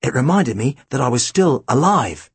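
Man, audiobook narrator, husky, wry, dry close sound. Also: medium pitch, sing-song, moderate pace, no room sound. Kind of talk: first-person storybook narration.

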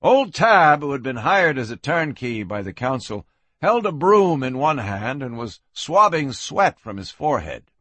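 A man narrating a western story in lively scripted narration. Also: mid-range voice, a little slow, no room sound. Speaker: audiobook narrator.

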